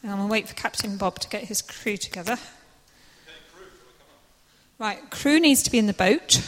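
A woman's voice: medium pitch, normal speed. A woman narrating a live church play and directing the cast as she goes. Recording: echoey hall with faint noise.

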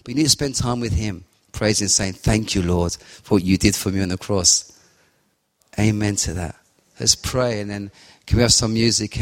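A man's voice: lowish voice, moderate pace. A man giving a fervent, repetitive sermon and spoken prayer. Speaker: lay preacher. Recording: long hall reverb.

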